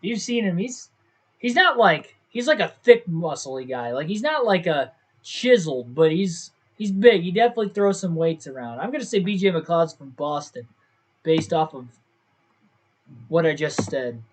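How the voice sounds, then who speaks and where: A man's voice: fairly high pitch, sing-song, normal speed. A young man casually commentating his own livestream, thinking aloud and second-guessing himself as he talks to his viewers. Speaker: gaming livestreamer.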